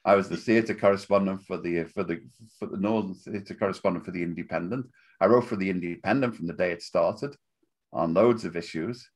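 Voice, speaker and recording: An older man with a Liverpool accent, chatting as a guest in a relaxed interview, wry and rambling, often laughing at his own jokes. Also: deep voice, brisk. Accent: Liverpool (Scouse). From Liverpool, England.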